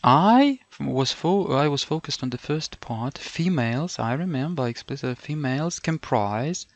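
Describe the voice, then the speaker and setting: A man's voice: a little high, lively intonation, measured pace, no room sound. A middle-aged man from Ukraine tutoring for a language test, thinking aloud and repeating words with many fillers and self-corrections. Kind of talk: thinking-aloud lesson over a screen.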